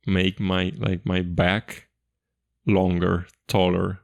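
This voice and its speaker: A man with a deep, gravelly voice walks through a folktale reading line by line. He keeps it relaxed and chatty, repeating phrases as he explains. The sound is close and dry, with no room around it. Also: measured pace, dry recording. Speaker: language teacher.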